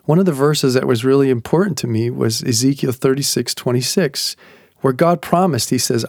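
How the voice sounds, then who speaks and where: Middle-aged guy telling his faith story, gravelly voice, dry close sound, earnest and reflective. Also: medium pitch, a little mellow, no room sound. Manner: earnest, reflective, slows for scripture quotes. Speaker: ministry leader sharing testimony. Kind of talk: personal testimony, devotional talk.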